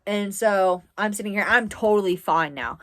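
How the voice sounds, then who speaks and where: A young woman from the US East Coast tells a story from her own life to camera. She talks casually and rambles, filling her sentences with "like" and breaking off into quick asides. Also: medium pitch, a bit bright. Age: 20s. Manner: chatty, rambling with frequent "like". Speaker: vlogger.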